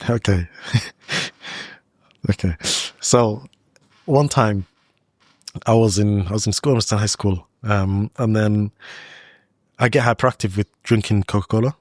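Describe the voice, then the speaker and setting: A man with a fairly low voice tells a personal story in a relaxed interview chat. He talks loosely, leaning on "like" and "you know" as he goes. The sound is close and dry, with no room echo. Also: unhurried, long pauses. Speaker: guest. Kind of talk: casual storytelling in a podcast interview.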